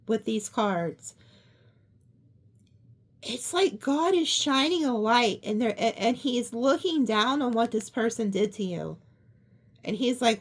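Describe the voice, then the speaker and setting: A woman giving a casual tarot card reading, chatty and excitable, often gasping. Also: on the high side, a little slow. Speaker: tarot reader.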